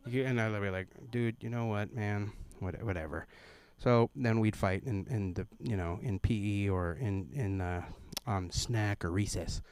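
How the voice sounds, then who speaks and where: A man's voice: fairly low pitch, animated, a little mellow, clear, resonant tone, no echo. Man telling stand-up stories, dry sound. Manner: storytelling, quick voices for the people in his stories. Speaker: stand-up comedian. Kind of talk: stand-up set at an open mic.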